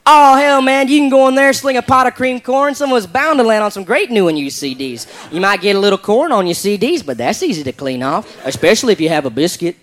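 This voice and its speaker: A man putting on a high, twangy advice-giver who drawls out absurd, rambling tips. The voice sits well above an ordinary man's and keeps a loose, unbothered delivery throughout. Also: expressive, a little fast, hardly any pauses, a bit bright, slight background noise. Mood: folksy, rambling.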